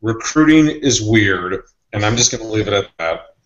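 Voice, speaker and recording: A man's voice: fairly low pitch, expressive, moderate pace, roomy sound, dull audio. A man who reports on sports recruiting, talking in a loose, rambling, conversational way. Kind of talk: casual podcast chat.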